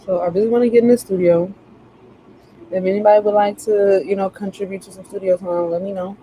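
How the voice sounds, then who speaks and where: Tarot reader, casual live-stream chat, slangy and joking, mellow tone, faint background hiss. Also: medium pitch, fairly even intonation, brisk, low-quality recording.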